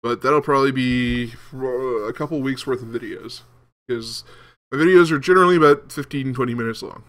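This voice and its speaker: A young man talks over a game he is playing, thinking out loud in loose, rambling chat. His voice is bright and a little forceful, and he stops often to say um or start a sentence over. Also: medium pitch, a little fast. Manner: rambling, many ums and restarts. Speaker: gaming video host. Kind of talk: casual let's-play commentary.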